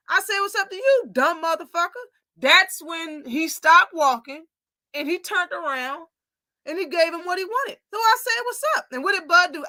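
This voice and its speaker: A young woman with a high, bright voice hosts a casual live commentary, talking in an opinionated, animated way and acting out the lines she quotes. The sound is close and dry, with no room around it. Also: no echo. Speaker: host.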